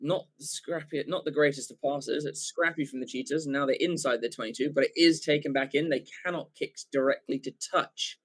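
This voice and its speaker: An English man giving live play-by-play rugby commentary for a watchalong stream, excitable and rambling, full of fillers and self-corrections. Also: a little high, fairly quick, hardly any pauses. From England.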